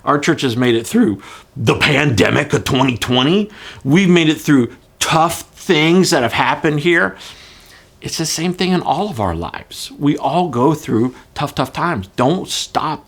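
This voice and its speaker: A middle-aged man, a pastor telling a personal story in a folksy, animated way with frequent restarts. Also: fairly high pitch, measured pace, creaky. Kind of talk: devotional storytelling.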